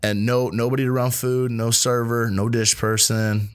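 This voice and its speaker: A restaurant line cook co-hosting a podcast tells a work story in casual, profane chat, animatedly acting out the voices of the people involved. His medium-pitched voice is clear and resonant at normal speed.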